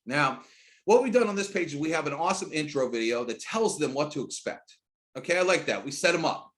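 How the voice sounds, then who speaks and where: A middle-aged network marketing trainer runs a screen-share sales training, sounding hyped and emphatic. He talks in rapid runs that jump into loud, high bursts.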